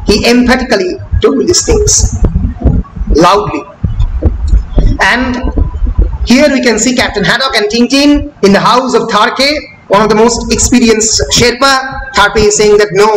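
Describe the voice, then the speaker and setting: A man's voice: sits high, normal speed. Guy lecturing on a comic, reads the lines out, roomy echo. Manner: switches between English and Bengali, acts out lines. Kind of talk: textual analysis lecture reading comic dialogue aloud. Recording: roomy echo with clear background noise.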